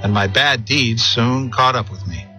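A man tells his life story in a reflective, earnest narration with a voice of middle pitch. Music is clearly heard under his words. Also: measured pace, bright, forceful tone. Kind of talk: personal testimony narration.

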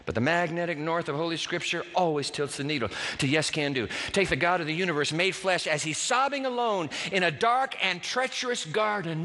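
A man's voice: high-pitched, lively intonation, normal speed, sharp tone, long reverb tail. A man preaching a sermon as pastor, with dramatic, emphatic delivery and big swings in his voice.

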